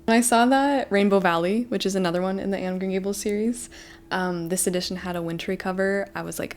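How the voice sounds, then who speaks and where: A woman in her twenties chatting excitedly to camera as a book vlogger, gushing to her viewers like friends. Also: mid-range voice, fast talker. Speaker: book vlogger and book club host. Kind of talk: casual chat to camera.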